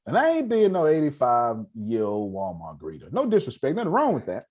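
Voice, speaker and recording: A man with a husky, slightly breathy voice delivers a motivational talk to a live crowd. His pitch swings widely as he preaches in a folksy, direct way, calling out to his listeners. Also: huge pitch swings, a little fast, a little mellow. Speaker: motivational speaker. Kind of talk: lively talk to a live audience.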